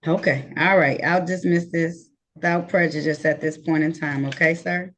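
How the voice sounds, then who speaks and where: Brisk friendly woman judge on a video call. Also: deep voice, steady tone, a bit bright, slight background noise. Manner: brisk, friendly, reads case numbers slowly. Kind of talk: virtual courtroom proceedings.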